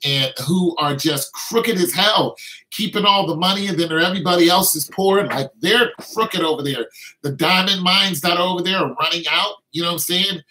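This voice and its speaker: A man's voice: a little high, sharp tone, rough recording. A man from the United States talking in an emphatic, rambling way, with many restarts and "you know what I'm saying" asides. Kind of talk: casual opinionated talk.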